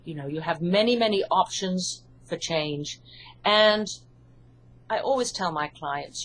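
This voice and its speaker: A woman with an English accent, an author and hypnotherapist, calmly explaining her ideas in an interview. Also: fairly low pitch, unhurried, slight background noise, low-quality recording. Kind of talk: interview answers.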